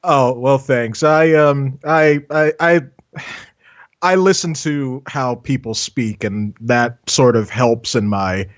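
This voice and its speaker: A man's voice: mid-range voice, slow, no echo, lo-fi sound. A man from Southern California, an animator and voice actor, chatting as an interview guest with a stammering, self-mocking manner. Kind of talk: casual interview chat.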